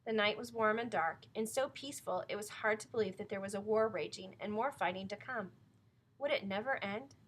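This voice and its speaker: A woman narrating a novel aloud in a clear, measured storytelling manner. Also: medium pitch, fairly bright tone. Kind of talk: audiobook reading of a novel.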